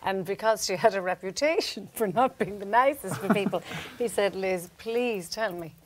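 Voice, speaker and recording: Woman telling a lively comic story. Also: mid-range voice, moderate pace, a little hiss or hum. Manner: animated storyteller, acts out voices and laughs often. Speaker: panel guest. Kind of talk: comic anecdote on a live podcast.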